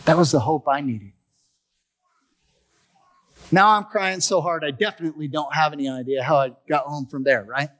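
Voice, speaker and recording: A man's voice: on the high side, normal speed, long pauses, a bit bright. A man giving a personal recovery testimony, telling his story expressively and acting out the dialogue. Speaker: testimony speaker.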